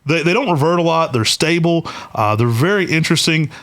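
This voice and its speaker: A man's voice: on the high side, animated, fairly quick, fairly bright tone. A man co-hosting a podcast, chatting casually and with enthusiasm, with plenty of "uh" fillers. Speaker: podcast co-host.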